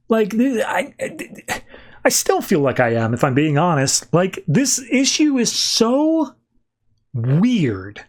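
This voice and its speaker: Animated male comics podcast host. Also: high voice. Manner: animated, rambling recap with laughs. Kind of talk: comic book review podcast.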